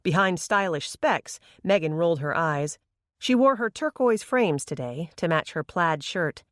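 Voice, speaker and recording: A narrator reading an audiobook in an even, measured voice on a close studio mic. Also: mid-range voice, no room sound. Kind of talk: scripted narration.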